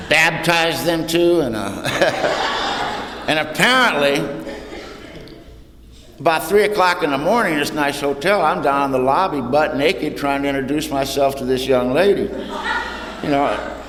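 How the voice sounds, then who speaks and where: A man from Southern California speaking at a recovery meeting podium, telling his story with humor, using casual slang, and dropping soft and low for painful parts. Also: animated, slow pace, long pauses. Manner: casual southern-tinged slang, "ain't", "y'all". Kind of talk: personal testimony talk. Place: hall with audience at a podium. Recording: echoey hall, faint room noise.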